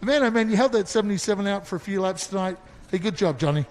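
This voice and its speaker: A high-pitched man interviews drivers trackside, full of exclamations. His voice carries a long echo from the open race track. He is the show's reporter on the ground. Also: quick pace. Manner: enthusiastic, exclaiming.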